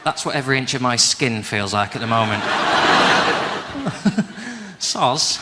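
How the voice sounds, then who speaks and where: A man in his thirties with a Northern English accent, doing a self-deprecating stand-up routine with wry, quick asides. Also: medium pitch. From England. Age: 30s. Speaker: stand-up comedian. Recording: noisy live stage recording. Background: audience laughter.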